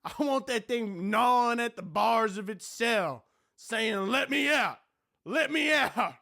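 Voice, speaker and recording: A man playing a crude, perverted male Southern radio host with a put-on Southern drawl, preaching in drawn-out lines that keep ending in "okay?". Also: very high-pitched, expressive, creaky, pushed and bright, pitched above the performer's own voice, full character voice. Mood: leering.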